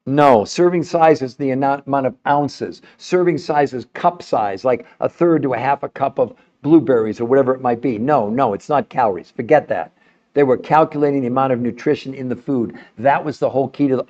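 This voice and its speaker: An older man hosting a live stream, talking to the chat in an emphatic, salesy way, with his voice jumping high on key points. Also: a little fast, a little mellow, lo-fi sound.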